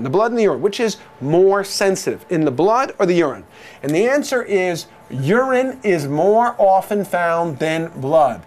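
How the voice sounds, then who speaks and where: A man's voice: a little high, a little mellow. A man giving a jokey exam review lecture who quizzes listeners with rhetorical questions and repeats key terms.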